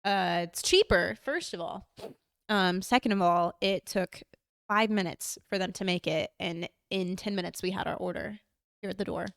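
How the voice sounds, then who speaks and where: A woman co-hosting a podcast, telling a story in a casual, animated way and quoting what people said. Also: mid-range voice, normal speed, gravelly, no room sound. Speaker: podcast co-host. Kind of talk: casual chat.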